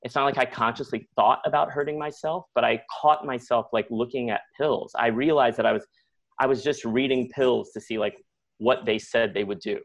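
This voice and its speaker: A middle-aged man telling a personal story on live radio, conversational and animated, with many likes and acted-out quotes. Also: mid-range voice, a little fast. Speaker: storyteller guest.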